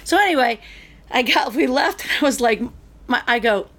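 A woman co-host chatting casually and telling a lively story, acting out what people said. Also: high-pitched, moderate pace. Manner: chatty, animated storyteller who acts out quotes.

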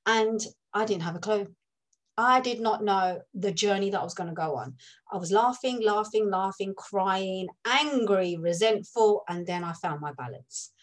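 Une femme à l'accent de l'Essex, invitée d'un podcast, raconte son parcours avec franchise et imite des voix au fil du récit. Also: female voice, mid-range voice, poor audio. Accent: Essex English. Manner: candid storytelling, acts out voices. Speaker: podcast guest. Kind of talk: casual conversation.

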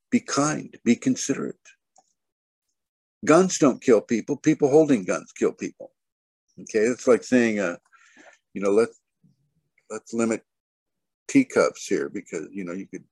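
A low-voiced man teaches spiritual matters over a video call, rambling and leaning on "you know" and "okay". His voice comes through dry and close, with no room echo. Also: gravelly, darkish tone. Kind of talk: spoken online teaching.

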